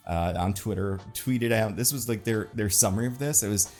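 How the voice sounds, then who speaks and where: A man's voice: fairly low pitch, measured pace, few pauses, darkish tone, faint music behind. A man hosting casual, rambling movie commentary in a sarcastic, joking tone with lots of fillers. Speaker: film commentary host.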